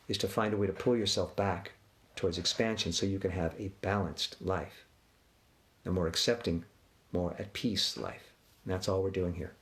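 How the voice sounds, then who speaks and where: A man guiding a body relaxation exercise with slow countdowns, then talking loosely about tension and calm with some restarts. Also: on the low side. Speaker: relaxation guide. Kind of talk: guided relaxation and talk.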